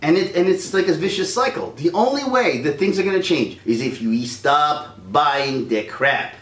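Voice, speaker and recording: A man's voice: fairly high pitch, lively intonation, normal speed, fairly bright tone, roomy sound. A man hosting a casual ranting chat, heated and rambling, stumbling over restarts. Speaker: YouTube channel host.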